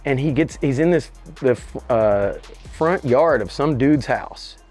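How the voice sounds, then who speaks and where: A middle-aged man tells a story in loose, profane interview chat. His voice leaps up high and lively whenever he acts out a scene. Faint music plays underneath. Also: a little slow. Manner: animated, profane, voice jumps high when reenacting. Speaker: interview guest. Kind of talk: casual storytelling.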